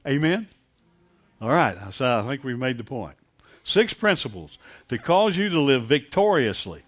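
A man's voice: mid-range voice, sing-song, a little slow. A man preaching a sermon, calling on the congregation for amens and building to emphatic peaks. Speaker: pastor.

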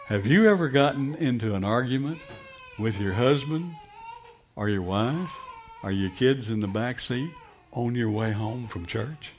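A man's voice: mid-range voice, expressive, measured pace, slight background noise. A middle-aged pastor preaching a sermon, emphatic and asking his congregation direct questions.

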